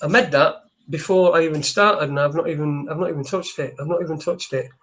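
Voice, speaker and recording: A man hosting a solo livestream, talking in a rambling, halting way with lots of restarts and swearing. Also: a little high, fairly bright tone. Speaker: livestream host. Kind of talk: casual solo livestream chat.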